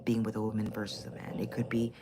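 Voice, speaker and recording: A woman's voice: a bass voice, completely flat delivery, quick pace, noisy background. A middle-aged woman vlogging in casual chat, blunt, profane and opinionated.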